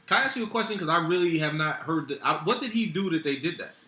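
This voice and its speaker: A man co-hosting a podcast in casual chat, talking in an emphatic, slangy, animated way. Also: a little high, quick pace. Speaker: podcast co-host. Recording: roomy echo.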